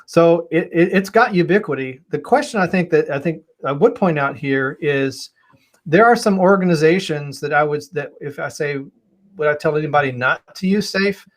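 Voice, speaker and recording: A man's voice: a little high, moderate pace. A man on a webinar panel giving emphatic, persuasive answers about agile leadership, often repeating words as he starts a thought.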